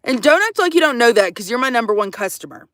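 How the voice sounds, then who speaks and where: A woman's voice: a little high, very animated, fast, a bit bright, no echo, studio quality. A young woman chatting casually and sassily on a livestream from her van, swearing and teasing her viewers. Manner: swearing, teasing, sassy, addresses viewers as y'all. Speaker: vanlife livestreamer.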